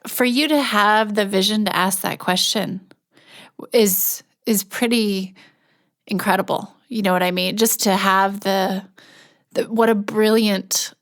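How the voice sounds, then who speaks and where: A woman hosting a conversational interview, tearful as she speaks. She answers her guest with appreciation and encouragement. Her pitch sits in the middle range. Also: fairly bright tone. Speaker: podcast host.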